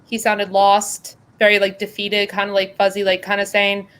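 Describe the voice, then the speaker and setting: A woman's voice: mid-range voice, completely flat delivery, normal speed, a bit bright. A woman hosting a livestream panel, chatting casually and rambling with lots of fillers over a remote call mic. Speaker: host.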